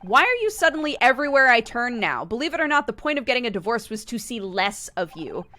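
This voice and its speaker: A woman's voice: a little high, big pitch swings, fast, sharp tone, pitched above the performer's own voice. A woman voicing a bitter, defiant young woman detective in a video game, cutting and sarcastic.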